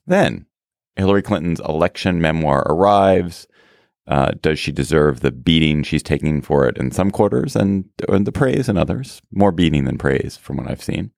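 A man hosting a political podcast, talking in a relaxed, wry way with restarts and filler. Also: very deep voice, normal speed, gravelly, dry recording, clean studio sound. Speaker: podcast host. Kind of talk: casual political podcast chat.

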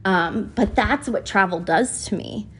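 An American woman hosts a podcast, delivering a casual, heartfelt monologue that frequently turns emotional and is peppered with "you know." Her voice is mid-range and husky, and she speaks at a measured pace.

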